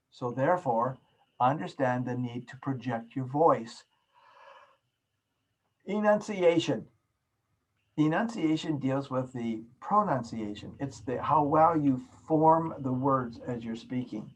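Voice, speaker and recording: A man's voice: medium pitch, rough recording. A man from Canada giving a recorded class lecture, stressing key words and repeating them for emphasis. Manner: emphatic, repeats key words, demonstrates soft and loud speaking.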